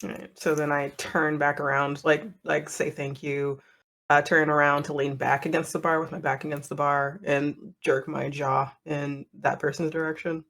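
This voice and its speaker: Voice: medium pitch, little pitch movement, moderate pace, a bit bright. A tabletop player chatting casually and thinking aloud. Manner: laid-back, thinking aloud.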